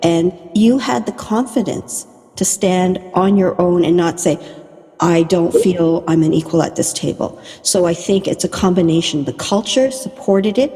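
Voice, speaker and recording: Warm-toned woman host, reflective. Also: lowish voice, normal speed, in a large hall. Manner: affirming, reflective summarizing. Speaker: podcast host. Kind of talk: conversational podcast interview.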